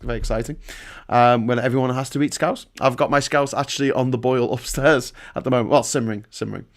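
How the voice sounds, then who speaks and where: A man holds forth on his livestream, swearing freely and circling back on himself mid-sentence. His pitch sits in an ordinary middle range, and he speaks in a loose, conversational way into a home desk mic. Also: steady tone, fast. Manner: profane, rambling, frequent restarts. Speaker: livestream host. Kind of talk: casual ranting monologue.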